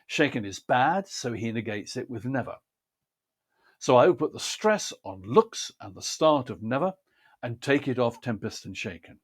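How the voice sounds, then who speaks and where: Measured man teaching poetry. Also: medium pitch, expressive. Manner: measured, precise, explanatory. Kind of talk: scripted instructional talk.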